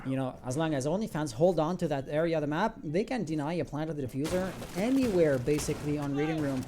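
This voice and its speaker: A man giving live esports commentary, breaking down tactics and rising to excited calls on big plays. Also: a little high, fast, background noise. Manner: analytical, builds to excited shouts on big plays. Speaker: esports caster.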